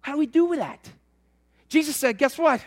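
A man preaching a sermon to his church, swinging between loud emphatic lines and soft, low asides. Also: lively intonation, fairly quick. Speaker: pastor.

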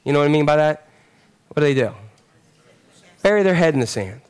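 Pastor in his 40s, high-pitched, loose conversational sermon delivery, animated storyteller. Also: a little fast, smooth. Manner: conversational, rambling with fillers and restarts.

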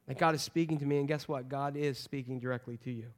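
A middle-aged man preaching a sermon as pastor, animated, swinging from loud calls to hushed, soft passages. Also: mid-range voice, fast talker.

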